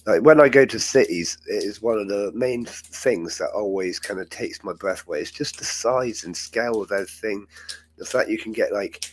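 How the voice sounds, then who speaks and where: A man's voice: lowish voice, moderate pace. A man hosting a live chat show, talking in a rambling, chatty way and laughing often. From England. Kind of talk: casual live-stream chat.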